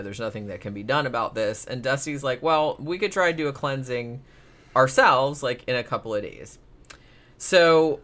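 A man co-hosting a casual podcast, recapping a story in a loose, rambling way. He swears freely and laughs as he goes. His pitch sits in an ordinary middle range. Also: a bit bright. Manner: rambling, profane, laughs often. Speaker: podcast co-host recapping a case. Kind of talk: casual chat.

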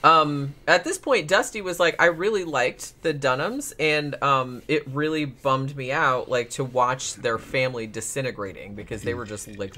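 A man's voice: mid-range voice, pushed and bright, slight background noise. Rambling, profane male podcast co-host. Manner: rambling, profane, laughs often. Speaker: podcast co-host recapping a case. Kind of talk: casual chat.

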